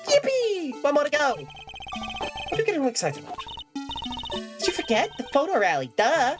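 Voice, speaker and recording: A woman voicing an excitable, cheeky young woman in a game. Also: sits high, moderate pace, over loud music. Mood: excited. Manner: bouncy and eager.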